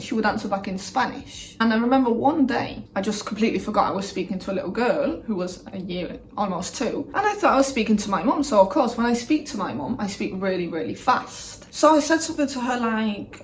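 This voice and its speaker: A young woman with a Manchester accent, an English and Spanish teacher, talking casually to camera in a chatty, animated vlog style. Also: mid-range voice, slight background noise. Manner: chatty and animated, quick asides.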